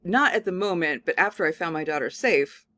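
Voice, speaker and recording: Woman lecturer, conversational and animated, loose filler-heavy delivery, dry recording. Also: lowish voice, a little fast, no echo. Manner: casual, animated storytelling full of "like" fillers. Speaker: communication studies professor. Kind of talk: recorded lecture with personal anecdote.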